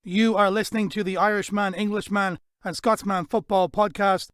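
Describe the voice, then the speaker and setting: A man's voice: sits high, little pitch movement, normal speed, loud music behind the voice. A man hosting a football podcast, upbeat and jokey as he interviews a guest. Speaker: podcast host. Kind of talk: casual interview.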